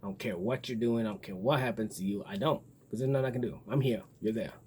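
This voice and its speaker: A man's voice: lowish voice, fast talker, darkish tone, slight background noise. A man talking in a casual, rambling monologue, blunt and profane as he muses aloud. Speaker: vlogger.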